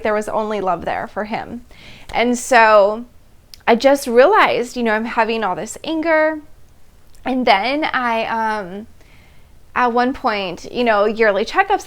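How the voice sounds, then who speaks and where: Her voice sits a little high as she hosts a monologue of personal stories. The woman, in her thirties, is lively, acting out old reactions and laughing between phrases.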